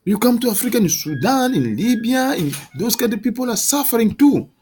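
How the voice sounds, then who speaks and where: A man delivering an impassioned monologue to camera, pleading and questioning with halting restarts and repeated words. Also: very high-pitched, sing-song, darkish tone, a little hiss or hum. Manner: heated, pleading, repetitive questioning.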